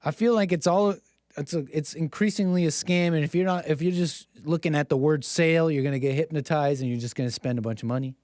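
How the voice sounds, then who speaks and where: A man's voice: fairly high pitch, fast talker, a little mellow, no room sound, clean studio sound. Sarcastic male stream host. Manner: sarcastic, mocking, rambling. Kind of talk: live-stream commentary monologue.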